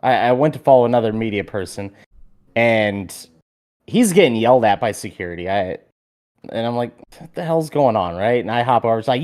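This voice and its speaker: A man co-hosting a podcast, telling a story in a lively, casual way and swearing freely. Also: mid-range voice, a little fast. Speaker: podcast co-host.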